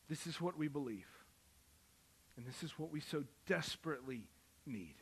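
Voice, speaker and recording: A man preaching a sermon, moving from quiet Bible reading to loud, impassioned calls. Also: fairly high pitch, animated, moderate pace, slightly rough. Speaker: pastor.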